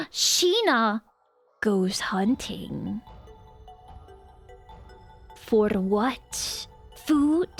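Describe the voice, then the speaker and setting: A woman's voice: very high-pitched, sharp tone. A young woman streamer giving playful, giggly commentary on a game, full of exclamations.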